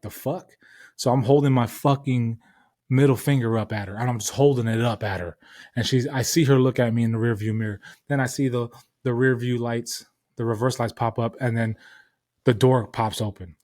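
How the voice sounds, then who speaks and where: Podcast host, male, mid-pitched, dry close mic, swearing through a heated story. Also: no room sound. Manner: profane, heated, animated retelling. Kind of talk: casual storytelling.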